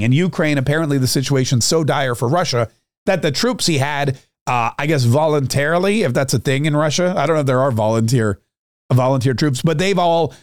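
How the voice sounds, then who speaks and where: A man's voice: a little high, dry recording, clean studio sound. A man hosting a podcast, delivering a rambling, sarcastic political commentary monologue. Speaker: podcast host.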